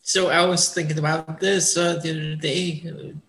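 A man co-hosting a casual podcast, laying out his ideas in a measured way. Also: a little high, flat delivery, fairly bright tone, rough recording. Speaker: podcast co-host.

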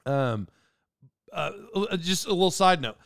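A podcast host with a higher-pitched, smooth and clear voice talks on his own, drifting from one story to the next and working himself up. The sound is close and dry, with no room around him. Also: lively intonation, unhurried, fairly bright tone, no echo. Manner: digressive and self-interrupting, ranting. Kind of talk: rambling solo monologue.

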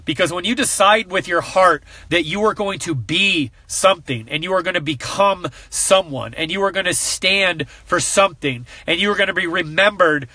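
A man with a slightly high, forceful voice, speaking earnestly to a group as a coach. His delivery is heartfelt and emotional, and he fights back tears. The sound is dry, with almost no room echo. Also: moderate pace, few pauses. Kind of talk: heartfelt personal talk to a group.

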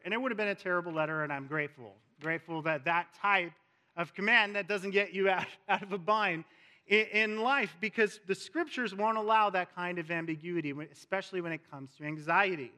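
A male pastor preaching a sermon in a church, slow and emphatic, repeating key words for weight. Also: high voice, pushed and bright. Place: church sanctuary with a screen. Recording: long reverb of a large hall.

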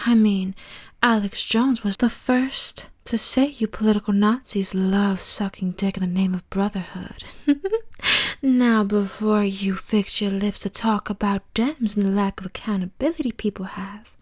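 A woman's voice: medium pitch, fairly even intonation, a little slow, darkish tone. Sassy woman podcaster, sarcastic. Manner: sassy and sarcastic, calling the listener honey and darling; often drops into a half-whispered aside. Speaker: podcast host. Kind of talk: opinion podcast monologue.

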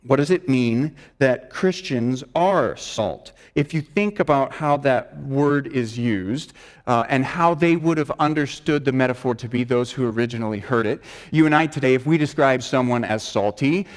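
A man's voice: mid-range voice, normal speed. A man preaching a sermon as pastor, emphatic and earnest, repeating words for stress and often restarting his sentences. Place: church sanctuary. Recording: long hall reverb in a church.

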